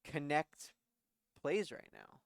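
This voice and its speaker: A man's voice: on the high side, huge pitch swings, slow, vocal fry, dry recording, clean studio sound. A young man co-casting a college esports match who calls plays and cheers his team on in a casual way. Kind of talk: play-by-play and color commentary.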